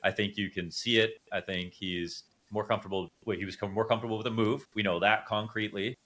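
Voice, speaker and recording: A man's voice: on the low side, steady tone, fast talker, a bit bright. A man from Canada whose English has drifted toward a Swedish-tinged accent, a guest analyst offering tentative, hedged takes in casual podcast talk.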